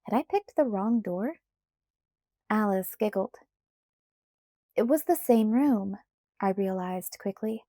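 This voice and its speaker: A woman reading a novel aloud in the first person, with measured, even storytelling on a close mic. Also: mid-range voice, dry recording. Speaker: audiobook reader.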